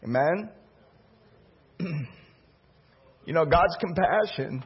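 A man's voice: high voice, measured pace, breathy edge, dull audio. A man preaching a sermon as pastor and leading a prayer, earnest and emotional, rising in intensity. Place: church.

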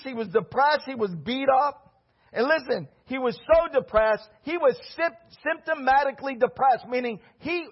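Husky high-voiced preacher man. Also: lo-fi sound. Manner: animated preaching with rhetorical questions and shouted peaks. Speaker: pastor. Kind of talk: sermon.

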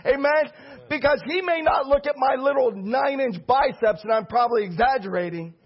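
A middle-aged man, a pastor, preaching a sermon with a husky voice, calling for the congregation's response and building to shouts. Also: extremely high pitch, normal speed, muffled recording.

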